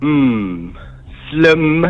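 A man's voice: fairly high pitch, very animated, drawn-out words, no echo, dull audio, soft background music. An Irish man calling a radio show, thinking aloud hesitantly over the phone. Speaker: caller. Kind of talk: phone-in quiz answers. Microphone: phone line.

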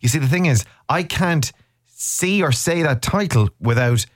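A man hosts a radio show, talking casually and teasing his co-host. His pitch swings widely as he chats, and he laughs easily. The studio sound is dry and close. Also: lively intonation, unhurried, dry recording.

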